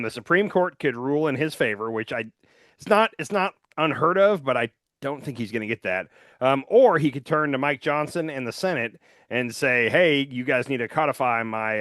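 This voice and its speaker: A man's voice: mid-range voice, fairly bright tone, no room sound, studio quality. A man co-hosting a podcast who chats casually about politics, rambling and filling his talk with "like" and "um". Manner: loose and rambling, heavy on "like" and "um". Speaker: podcast co-host.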